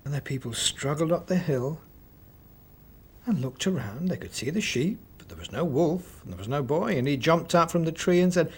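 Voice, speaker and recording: A man narrating a children's story expressively, with dramatic pauses. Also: a little high, lively intonation, breathy edge.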